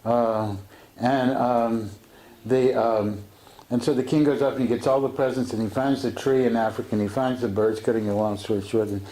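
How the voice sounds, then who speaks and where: A man, a Sufi teacher, retells a teaching story in a halting way, full of fillers and restarts. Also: medium pitch, steady tone, mellow, poor audio.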